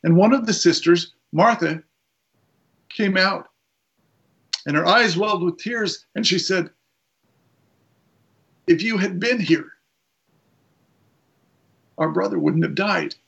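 A man preaching a sermon, retelling a story and slowing down to stress key lines. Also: high voice, a bit bright, muffled recording. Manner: retells a story with quoted voices, slows for emphasis.

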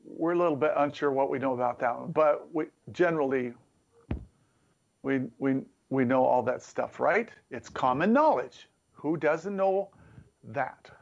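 A man's voice: mid-range voice, expressive, unhurried, creaky, lo-fi sound. A man preaching a sermon as a pastor in a playful, conversational way, building through repeated phrases.

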